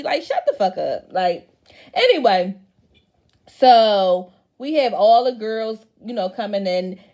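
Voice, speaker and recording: A woman's voice: fairly high pitch, darkish tone. A woman giving a casual, blunt recap of a reality show, with slangy speech and frequent swearing.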